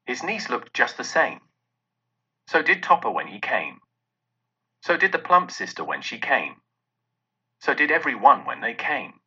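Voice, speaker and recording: A man narrates a storybook with expressive drama. His pitch rises and falls a lot over a bright, husky tone. The recording sounds dull and lo-fi. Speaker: reader.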